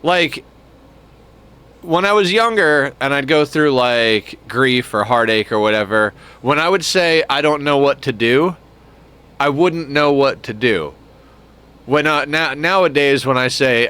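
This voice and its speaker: A young man chats through a game stream, drifting between gameplay and personal musings, full of filler words. His voice is clear and smooth, with a bright edge. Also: mid-range voice. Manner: rambling, reflective, many filler "like"s; cooing baby talk to a pet. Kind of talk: casual gameplay stream chat.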